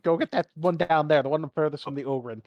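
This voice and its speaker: A man's voice: fairly high pitch, fast talker, no room sound, dull audio. A man playing a tabletop game, talking in a blunt, profane way. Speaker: player. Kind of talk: casual chat during a tabletop game.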